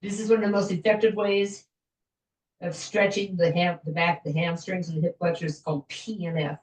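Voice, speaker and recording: Gentle woman leading a stretching class. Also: on the low side, steady tone, moderate pace, recorded from a distance. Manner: gentle, chatty, self-joking with little laughs. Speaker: fitness instructor. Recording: echoey room, voice from afar.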